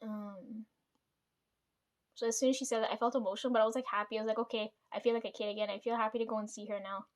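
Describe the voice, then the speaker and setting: A woman's voice: on the high side, level tone, fast. Rambling, foul-mouthed woman vlogger. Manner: rambling, frequent swearing, chatty asides; often laughs between thoughts. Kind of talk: casual storytelling to camera.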